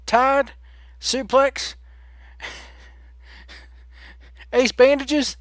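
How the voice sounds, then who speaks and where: Man putting on a winded male pro wrestler, higher voice than his own, rambling sponsor shout-outs, breathless, dry close sound. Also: no echo, heavily acted.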